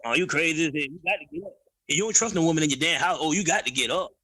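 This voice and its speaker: Man, podcast guest, casual chat, high voice, bright tone, blunt and profane, animated storyteller. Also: rapid-fire, breathy edge.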